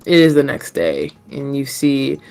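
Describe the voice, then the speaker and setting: Low-voiced woman narrating as game master. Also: big pitch swings, measured pace, darkish tone, clean tone, soft background music. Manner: meandering, full of fillers.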